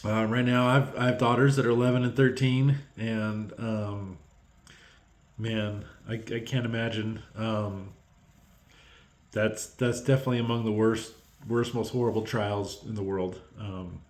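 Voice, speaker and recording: A man giving a heartfelt, unscripted Bible devotional, halting with many pauses and restarts, close to tears. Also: fairly low pitch, steady tone, reverberant. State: tearful.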